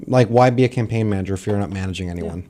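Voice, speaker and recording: Mellow-voiced man co-hosting political chat. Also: on the low side, rapid-fire.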